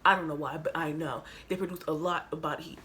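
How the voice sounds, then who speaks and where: A young woman vlogger telling a rambling, animated storytime, repeating herself and getting sassy. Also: deep voice, quick pace, noisy background. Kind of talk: storytime vlog.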